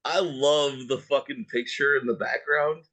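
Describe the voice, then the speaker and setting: A man's voice: medium pitch, steady tone, a little slow, bright, forceful tone. A young man with a mid-range voice co-hosts a podcast. He talks in casual banter, laughs easily and swears freely while teasing his co-host. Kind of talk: casual chat.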